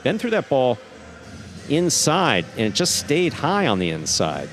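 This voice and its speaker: Lively male sports play-by-play caller. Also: mid-range voice, a little slow, soft background music. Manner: animated, voice jumps up on exciting plays. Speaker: play-by-play commentator. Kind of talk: live sports commentary.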